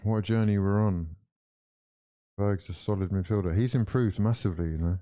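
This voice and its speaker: A young man commenting live on a football match for viewers, excitable and full of exclamations as he chats along. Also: on the low side, moderate pace. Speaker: watch-along streamer.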